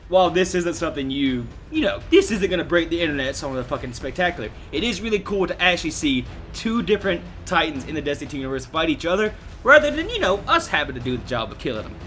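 A man's voice: on the high side, a bit bright. A young man hosting a gaming channel, giving casual, jokey, profane gameplay commentary to his viewers.

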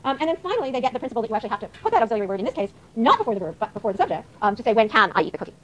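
A woman lecturing a class at a rapid clip, her voice rising and falling in lively swings. She speaks a little higher than most women and fills her pauses with quick "um"s. The recording carries a faint hum of room ambience behind her. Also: rough recording. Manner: fast, animated explaining with frequent fillers. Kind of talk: university lecture. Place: lecture hall.

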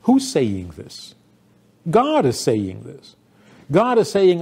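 A man's voice: a little high, wildly swooping pitch, takes it slowly, gravelly, long pauses, darkish tone, breathy edge. An older man, a rabbi, giving a sermon-style talk with stories, acting out quoted voices and laughing along.

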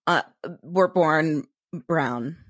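A woman's voice: deep voice, extremely slow, no echo, studio quality. A woman guest on a podcast, talking in a blunt, matter-of-fact way. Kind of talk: casual chat.

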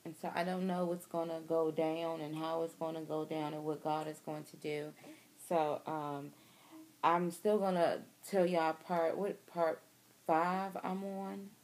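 A woman's voice: deep voice, little pitch movement, a little slow, a little mellow. A young woman, talking candidly and emotionally to her viewers in a personal video diary, recorded outdoors. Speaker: vlogger.

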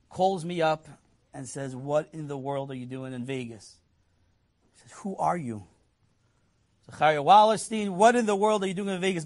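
A man telling an inspirational story to an audience, animatedly acting out the people he quotes. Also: on the high side. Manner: animated, acts out quoted voices, laughs. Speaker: storyteller speaker.

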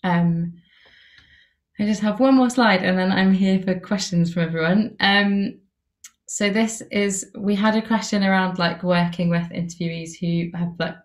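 A woman's voice: medium pitch, fairly even intonation, unhurried, roomy sound. A woman teaching an interviewing masterclass in a casual, chatty way, with lots of "like" and "um". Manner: casual, chatty, many "like" and "um" fillers. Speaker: workshop instructor.

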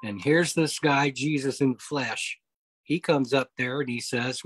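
A man leading a Bible study over a video call, explaining scripture step by step, often pausing on okay and uh. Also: mid-range voice, steady tone, a bit bright, husky, no echo, rough recording. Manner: explanatory, repeats key points, frequent okay and uh. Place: home, online meeting.

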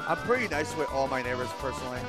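A man chatting casually while he streams a video game, telling stories in an animated, profane way. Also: mid-range voice, racing. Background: game music.

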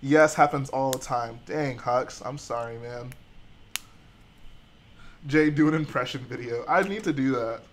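A man's voice: medium pitch, a little slow, long pauses, a little hiss or hum. Joking young man hosting a stream. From Texas. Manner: joking, laid-back banter with chat. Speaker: livestream host. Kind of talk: casual livestream chat.

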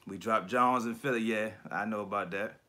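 A man with a lowish voice hosts a casual livestream about collectibles on his YouTube collector channel. At a moderate pace, he talks in slangy, profane bursts and tells stories with lots of animation.

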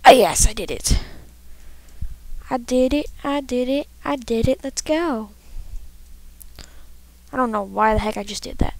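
A woman's voice: fairly high pitch, animated, unhurried, pauses often. Frustrated woman narrating her gameplay. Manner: talks to herself, frequent frustrated outbursts. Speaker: gamer. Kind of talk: let's play commentary.

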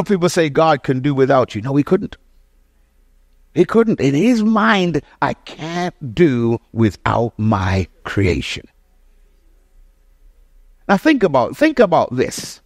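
Male preacher, sermon, rhetorical questions, swooping animated delivery, dry close sound. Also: on the high side, no echo. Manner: emphatic, rhetorical questions to the audience; restarts and corrects himself mid-phrase. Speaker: pastor.

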